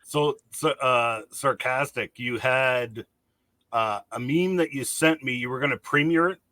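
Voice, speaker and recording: A man hosting a streamed chat show, animated and laughing easily. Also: medium pitch, unhurried, no room sound. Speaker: podcast host.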